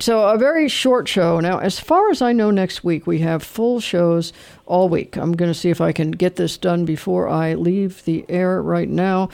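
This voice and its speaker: A man hosting a call-in trivia show on the radio, with a high voice and a gravelly edge. He rambles through his sign-off in a folksy, joking way, close to a studio microphone. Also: a little mellow. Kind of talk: casual radio sign-off chat.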